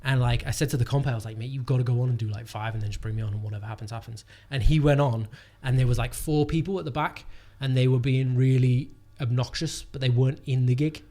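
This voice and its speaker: A man's voice: medium pitch, steady tone, fast, few pauses, warm tone. Rambling, sweary young man. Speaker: comedian guest. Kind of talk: casual anecdote telling.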